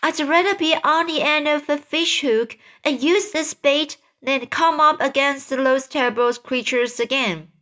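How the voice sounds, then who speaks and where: A fretful blind earthworm from a storybook who expects the worst, as a woman reads him. His voice climbs high and shrill, slightly louder than the reading around it. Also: very animated, unhurried, hardly any pauses, exaggerated voice. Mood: fearful. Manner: anxious and shrill. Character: timid, frightened blind male earthworm.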